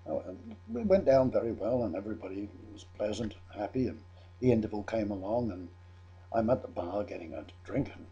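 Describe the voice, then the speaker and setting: A man's voice: lowish voice, dark tone, husky, lo-fi sound. An older man from England telling a chatty personal anecdote, amused at himself, with frequent restarts. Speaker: storyteller.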